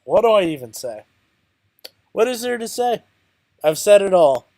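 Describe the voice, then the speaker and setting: A man's voice: high voice, sing-song, moderate pace, mellow, no echo. A man giving casual, rambling commentary on his card game, muttering to himself, counting aloud and mocking his own bad luck. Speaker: channel host playing a card game.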